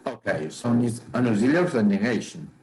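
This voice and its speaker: A man teaching a grammar class in a measured lecture, often checking understanding with "okay?" and "right?". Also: on the low side, lively intonation, a crowd in the background, poor audio.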